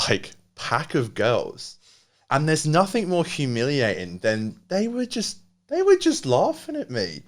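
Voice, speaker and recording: Man, twenties, podcast co-host; animated, rambling, swears a lot, wears his feelings openly. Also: lowish voice. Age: 20s. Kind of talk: casual comedic storytelling.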